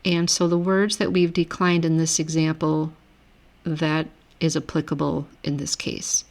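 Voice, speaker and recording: Low-voiced woman teaching Greek grammar. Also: unhurried. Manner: relaxed, self-correcting explanations. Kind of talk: recorded lecture over screen.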